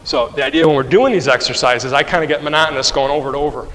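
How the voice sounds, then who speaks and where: A man's voice: fairly high pitch, animated, quick pace, fairly bright tone, long reverb tail. A man teaching a qigong and mobility rehab class, patiently talking the group through each movement and asking them questions. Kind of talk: guided exercise class instruction. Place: rehab class room with floor tiles.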